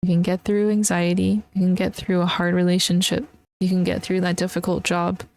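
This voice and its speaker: Young female solo podcaster, lowish voice, heartfelt and encouraging, casual delivery. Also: level tone, a little fast, a little mellow. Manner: earnest, emotional, encouraging. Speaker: podcast host.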